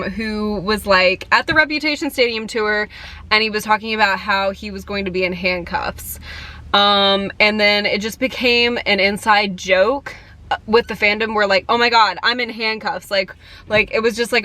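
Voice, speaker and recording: A young woman talks casually to her viewers in a chatty vlog, filling her sentences with "like" and "um" and giggling. Her voice is bright and clear, at an average pitch for a woman. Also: normal speed. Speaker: vlogger. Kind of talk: casual fan vlog chat.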